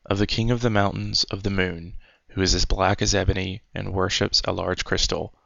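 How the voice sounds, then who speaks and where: Deep gravelly man reading a fairy tale. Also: flat delivery, normal speed, a bit bright, dry recording. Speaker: storyteller. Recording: dry, dull lo-fi recording.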